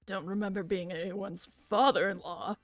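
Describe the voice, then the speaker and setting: Woman voicing a gruff overbearing father. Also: medium pitch, brisk, no room sound, soft background music, lightly acted. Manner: firm, flat, grumbling.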